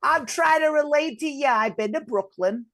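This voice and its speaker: A woman's voice: high-pitched, lively intonation, moderate pace, fairly bright tone. A woman co-hosting a comedy livestream, bantering playfully and crudely. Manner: playful, crude, laughs easily. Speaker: co-host, contestant asker.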